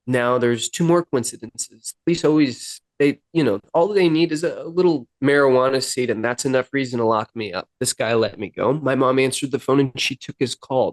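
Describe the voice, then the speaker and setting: An earnest man tells a personal story in a sit-down interview, acting out the back-and-forth dialogue as he goes. His voice has a middling pitch and a dry, close sound with no room around it. At times he sounds close to tears. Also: no room sound. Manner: earnest, emotional retelling with quoted dialogue. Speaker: podcast guest, musician.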